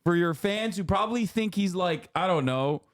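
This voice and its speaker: A man hosting a stream, chatting casually with deadpan irony and swearing. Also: high voice, moderate pace. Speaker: streamer host. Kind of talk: casual comedic chat.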